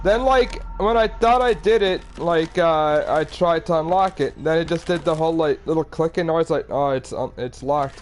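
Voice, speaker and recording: Brief: fairly high young male voice, rambling let's-play talk. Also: normal speed, hardly any pauses, slight background noise. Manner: rambling, filler-heavy explaining. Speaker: game player. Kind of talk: casual let's-play commentary.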